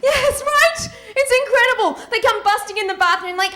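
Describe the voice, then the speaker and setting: High bright-voiced woman doing stand-up. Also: lively intonation, normal speed, a little hiss or hum. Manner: mocking valley-girl impressions, sarcastic punchlines. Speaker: stand-up comedian. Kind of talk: stand-up set. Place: comedy club stage.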